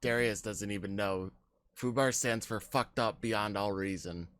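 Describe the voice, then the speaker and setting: A man's voice: on the low side, unhurried, a bit bright, dry recording. A man playing a tabletop game, blunt and decisive. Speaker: player. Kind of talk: casual tabletop play.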